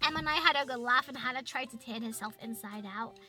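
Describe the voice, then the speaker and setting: Streaming as a VTuber, a young British woman talks fast in a fairly high voice, chatting casually to her viewers. She gets excitable, swears plenty, and has loud outbursts, with soft music in the background.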